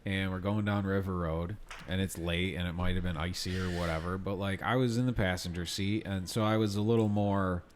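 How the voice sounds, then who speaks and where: A man co-hosting a podcast, telling a lively story in a bar and acting out the moments. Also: low-pitched, fairly quick, few pauses, a little hiss or hum. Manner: animated storyteller, acts out shouts. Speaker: podcast co-host. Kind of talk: casual chat, storytelling.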